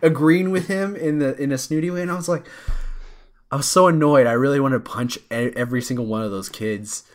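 A man's voice: medium pitch, fairly quick. A young man co-hosting a casual chat, rambling and joking, laughing often.

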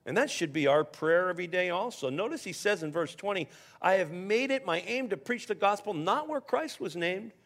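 Guy pastor preaching, kinda gravelly, slightly high voice, chatty with stories, trips over his words sometimes. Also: animated, a little fast, fairly bright tone. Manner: conversational preaching with personal stories and repeated starts. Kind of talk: sermon.

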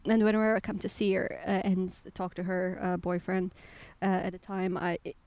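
A woman working as a game developer, talking casually as a guest outdoors, chatty and quick to laugh, with many fillers and restarts. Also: on the low side, little pitch movement, a little mellow, no echo. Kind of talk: casual conversation.

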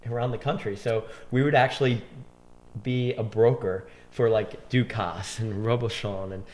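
A man's voice: lowish voice, fairly even intonation, moderate pace, darkish tone. A man in his forties, a chef, telling long rambling stories in casual conversation, full of restarts and quoted dialogue.

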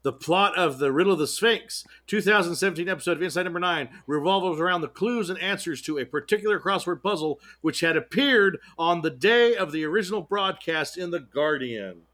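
A man's voice: sits high, fairly quick, few pauses, fairly bright tone. A man co-hosting a podcast, joking around and reading trivia aloud in a casual, irreverent way. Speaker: podcast co-host. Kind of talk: casual chat.

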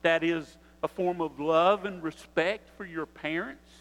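A pastor preaching a sermon, talking earnestly and conversationally and putting direct questions to the congregation. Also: male voice, fairly high pitch, fairly even intonation, measured pace, fairly bright tone, in a large hall, low-quality recording.

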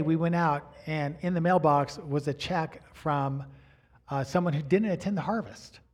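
A middle-aged male pastor delivering a storytelling sermon in a fairly high voice. He speaks in a chatty way, acts out the other people's lines, and keeps checking in with his listeners. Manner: animated storyteller acting out dialogue; chatty, asks "right?" and "you know".

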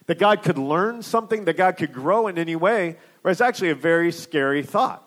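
A man's voice: a little high, animated, fairly quick, fairly bright tone. A man preaching a sermon as a pastor, conversational and hesitant, with lots of fillers and frequent "right?" checks.

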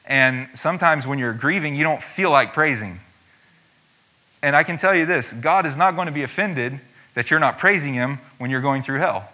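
A man's voice: medium pitch, normal speed, sharp tone. A man preaching an earnest, conversational sermon and reading scripture aloud, with frequent fillers and restarts.

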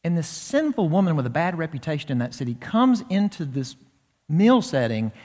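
A male pastor preaching in a church sanctuary, his voice swinging up and down in pitch. It sits a bit higher than most men's, and he stretches out words to stress key points. A long hall reverb trails each phrase. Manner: animated expository preaching, slows down for emphasis. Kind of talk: sermon.

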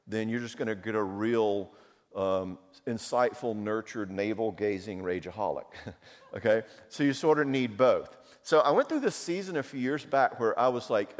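A man, a marriage counselor, giving a conversational seminar talk full of personal stories and self-mocking humor. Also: on the low side. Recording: long hall reverb.

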